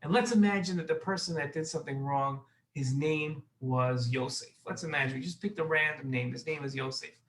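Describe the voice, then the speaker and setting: A children's Torah teacher telling a lesson story, gentle and repeating words for emphasis. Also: medium pitch, fairly quick, hardly any pauses, slight background noise, low-quality recording.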